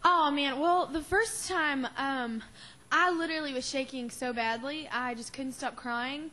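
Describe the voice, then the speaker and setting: Young woman, tearful, laughing, rambling, high-pitched. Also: unhurried, sharp tone. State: crying. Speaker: award-winning singer at press conference. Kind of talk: backstage press Q&A.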